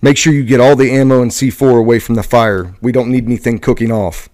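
A man's voice: medium pitch, steady tone, fast talker, lightly acted. A man reading aloud and voicing a Marine captain who barks curt orders to his men. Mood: commanding. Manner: curt barked orders, softening to gentle. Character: Marine captain commanding troops after a disaster.

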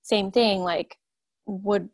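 A young woman, a mother, telling her own story in a halting, candid way with many pauses. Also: mid-range voice, steady tone, no room sound. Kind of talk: personal testimony.

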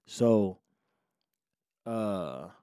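A man hosting his own show, telling a story from his life in casual, profane street slang and swinging from low muttering to loud outbursts. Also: animated, extremely slow, clear, resonant tone, dry recording, clean studio sound. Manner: profane street slang, acts out quoted voices.

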